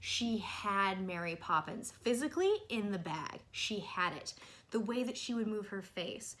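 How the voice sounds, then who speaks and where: A young woman talking casually to camera in a film review vlog, animated and exasperated, jumping from loud outbursts to soft asides. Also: medium pitch, measured pace.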